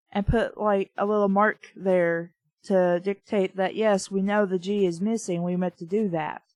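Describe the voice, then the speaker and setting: A woman's voice: on the high side, no echo. A woman with a Southern American accent, chatting casually and ramblingly as a book reviewer. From Southern United States. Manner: chatty and rambling, full of "like" and "you know". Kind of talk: casual chat.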